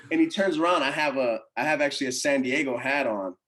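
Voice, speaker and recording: A man who coaches college baseball, telling a story in a casual podcast chat, animated and full of slang and swearing. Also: medium pitch, quick pace. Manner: animated, slangy and profane, with many acted-out quotes.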